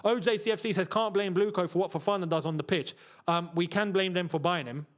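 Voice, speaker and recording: Male streamer, fairly high voice, loose live football commentary with exasperated repeats. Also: quick pace. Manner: frustrated outbursts, repeats himself. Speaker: football watchalong host. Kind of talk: live casual commentary while reading chat.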